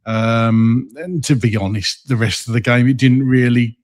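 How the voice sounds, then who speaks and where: Male host, casual chat, halting recap delivery, middle-range voice. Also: medium pitch, steady tone. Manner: recaps the match with frequent ums and stumbles. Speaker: podcast host.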